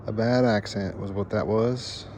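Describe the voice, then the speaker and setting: An easygoing man with a fairly low voice gives casual running commentary while fishing on a lake. His chatty, self-deprecating talk is recorded outdoors, with steady noise and passing vehicles behind him. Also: measured pace. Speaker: fishing vlogger.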